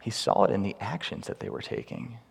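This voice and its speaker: Male pastor, sermon, animated and lively with humor; long hall reverb. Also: fairly low pitch, brisk, creaky, breathy edge.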